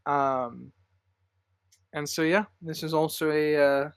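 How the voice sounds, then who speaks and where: Higher-voiced man hosting a casual podcast. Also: steady tone, takes it slowly, clean tone, no echo, clean studio sound. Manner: rambling, laughs often, many fillers. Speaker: podcast host.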